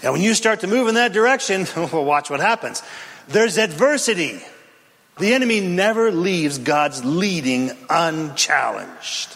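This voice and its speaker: A man preaching a dramatic, impassioned sermon, shouting at peaks, in a reverberant hall. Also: a little high, lively intonation, a little slow, gravelly. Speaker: pastor.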